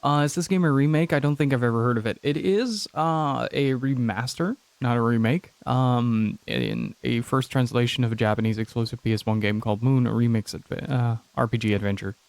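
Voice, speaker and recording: A man's voice: mid-range voice, fairly even intonation, a little fast, creaky, few pauses, no room sound. A man streaming a video game, making offhand, self-deprecating commentary as he plays. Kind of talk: casual gameplay commentary.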